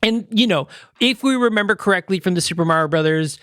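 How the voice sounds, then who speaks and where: A man's voice: high voice, fast talker, fairly bright tone, smooth, no echo, studio quality. A man co-hosting a podcast in casual chat, rambling with fillers and restarts. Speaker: podcast co-host.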